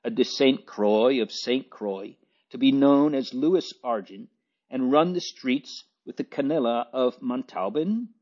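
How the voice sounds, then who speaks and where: A man's voice: medium pitch, measured pace, darkish tone, voice pushed up, lightly acted. A man voicing a proud, bitter teenage noble boy who speaks abruptly, in a dull lo-fi recording.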